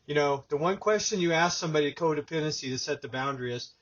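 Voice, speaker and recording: A podcast host chats casually, telling stories as an animated storyteller who acts out what people said. His voice is on the high side, a little fast with few pauses, and the audio is dull and lo-fi.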